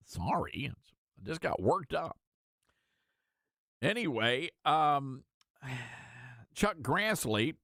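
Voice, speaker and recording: A male talk radio host giving sarcastic, animated commentary with mocking asides. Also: medium pitch, no echo, studio quality.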